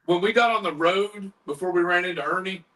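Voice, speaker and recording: A man's voice: sits high, fairly quick, far from the mic, poor audio. A man hosting a paranormal talk stream, telling a story in casual chat and acting out what others said, with the odd swear. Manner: animated, retells others' words in quotes, swears casually. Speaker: paranormal podcast host.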